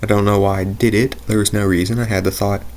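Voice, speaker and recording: A man's voice: on the low side, little pitch movement, fast talker, darkish tone, a little hiss or hum. A young man giving casual gameplay commentary, rambling into tangents and talking himself through his choices. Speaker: gaming video creator.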